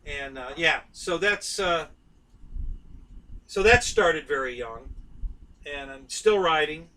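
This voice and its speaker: A man's voice: fairly high pitch, slow, sharp tone, distant mic, poor audio. A man hosting a live stream, telling a story in a rambling, chatty way full of fillers and restarts. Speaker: host of a live stream about model aircraft.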